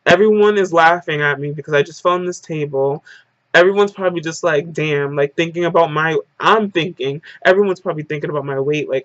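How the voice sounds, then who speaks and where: A woman's voice: low voice, brisk, no room sound, highs cut off. A woman vlogger telling a casual story-time monologue, rambling and dramatic, with "like" in nearly every phrase. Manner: dramatic retelling.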